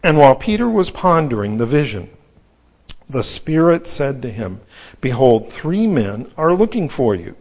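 A man's voice: mid-range voice, sing-song, darkish tone. Dull-sounding man teaching verse by verse. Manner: measured, explanatory, with frequent asides. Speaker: Bible teacher. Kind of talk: expository Bible teaching. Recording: dull lo-fi recording.

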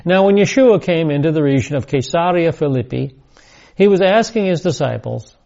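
A man teaching a Bible study lecture, speaking deliberately and emphatically, repeating key words. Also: a little high, lively intonation, vocal fry, mellow, dull audio.

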